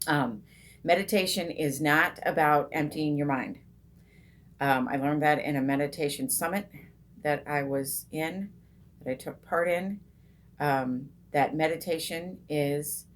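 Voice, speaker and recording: A middle-aged woman hosting a women's group, talking casually as she teaches meditation, unhurried, with many ums and restarts, going soft and slow when she guides the breath. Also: low-pitched. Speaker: meditation coach and group host.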